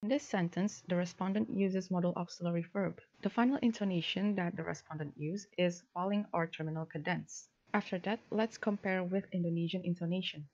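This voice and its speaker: A woman presenting linguistics research, reading a prepared academic talk in a steady, formal way with a few fillers. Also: fairly low pitch, brisk, hardly any pauses. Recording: dull lo-fi recording.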